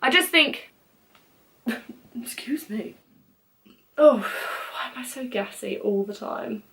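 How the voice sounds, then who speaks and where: A young British woman rambles through her vlog outtakes in a fairly high voice. She talks slowly and unhurriedly, giggling and poking fun at herself. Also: animated, creaky, fairly bright tone. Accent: British English. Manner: giggly, rambling, self-mocking. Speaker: vlogger. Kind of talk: casual blooper outtakes.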